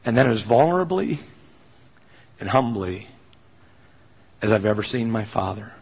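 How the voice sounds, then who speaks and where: A man's voice: fairly low pitch, lively intonation, a little slow, darkish tone, breathy edge, in a large hall, rough recording. A man pastor preaching a sermon, telling a personal story in an earnest, conversational way.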